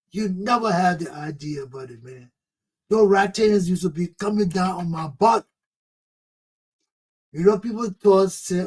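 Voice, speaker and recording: High-voiced man telling stories with "oh, man". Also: normal speed, poor audio. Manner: animated storyteller, exclaims "oh, man". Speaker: talk show host. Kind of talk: personal storytelling and teaching.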